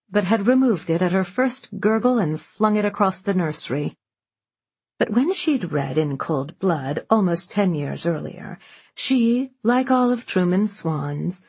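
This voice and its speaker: A woman reads an audiobook in a composed, wry tone. Her voice sits on the low side and has a husky texture. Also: a little mellow. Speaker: audiobook narrator. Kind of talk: scripted narration.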